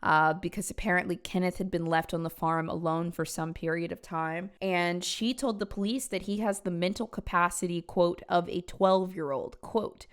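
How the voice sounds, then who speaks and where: A woman's voice: on the low side, fairly even intonation, moderate pace, few pauses, clean tone. A woman hosting a true crime show, telling the story in an emphatic, conversational and opinionated way. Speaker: host.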